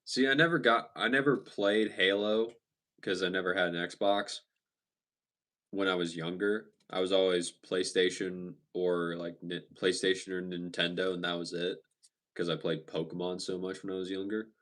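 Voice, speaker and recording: A young man hosting a livestream, casually chatting with viewers and answering their comments in a relaxed way, often stumbling and restarting his sentences. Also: low-pitched, moderate pace. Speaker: livestream host. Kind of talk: casual live chat reading viewer comments.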